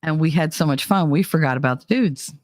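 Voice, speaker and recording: A middle-aged woman hosting a casual chat, telling a story in an animated way, swearing and mimicking other people's voices. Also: low-pitched, a little fast, no room sound, studio quality. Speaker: channel host.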